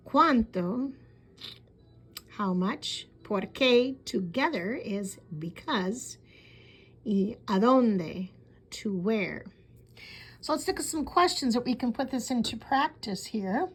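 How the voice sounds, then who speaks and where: A woman teaching a Spanish class, calmly pronouncing each word for her students. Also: a little high. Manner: clear, deliberate pronunciation of words. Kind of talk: slow classroom lesson.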